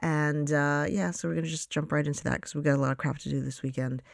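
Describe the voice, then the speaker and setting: A woman's voice: low-pitched, steady tone, fast talker, gravelly, no room sound, clean studio sound. A woman co-hosting a film podcast in a casual, rambling chat full of fillers, with a groggy morning voice. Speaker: podcast co-host.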